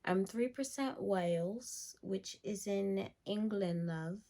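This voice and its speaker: A woman vlogger in a casual, excited chat, reading her results aloud. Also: mid-range voice. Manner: slow, excited and chatty, reads passages aloud.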